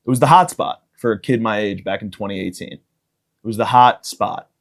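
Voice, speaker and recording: A man in his thirties hosting a comedy podcast, rambling through a profane solo monologue and jumping into loud excited bits. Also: fairly low pitch, fairly quick. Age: 30s. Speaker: podcast host.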